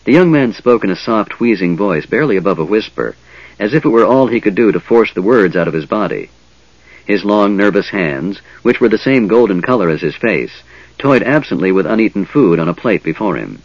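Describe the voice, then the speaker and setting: A man narrating a fantasy novel in a dramatic, expressive reading. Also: on the low side, a little fast, no room sound, dull audio. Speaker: audiobook narrator.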